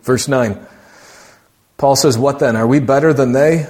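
This preacher talks a little slowly, his voice a little mellow, in a conversational sermon. He leans on rhetorical questions and often goes quiet and low for emphasis.

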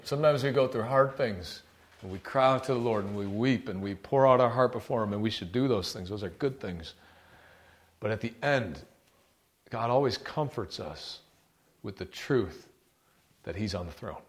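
Forceful rebuking male preacher. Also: fairly low pitch, normal speed, pauses often. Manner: forceful, rebuking, emphatic preaching with scripture readings. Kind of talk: sermon.

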